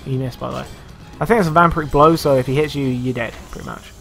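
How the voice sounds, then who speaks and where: A man's voice: mid-range voice, quick pace, gravelly, a bit bright, faint music behind. A man giving casual, joking and sarcastic commentary while playing a video game. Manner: joking, sarcastic, self-mocking. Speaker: gameplay commentator.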